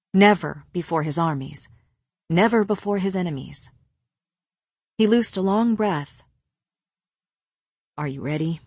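A woman reading a story aloud in first person, with a soft and even narrating manner. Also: on the low side, breathy edge, no room sound, clean studio sound. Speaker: audiobook narrator.

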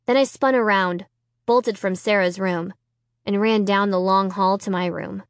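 A woman reading a children's chapter book aloud in the first person, in a measured and expressive way. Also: medium pitch, clean tone, dry recording, studio quality. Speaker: audiobook reader. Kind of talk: first-person storybook narration.

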